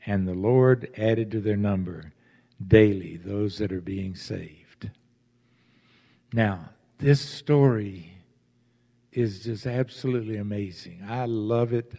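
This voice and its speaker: A man's voice: fairly low pitch, dark tone, long reverb tail. A man preaching a sermon as pastor, stressing his points by repeating key phrases.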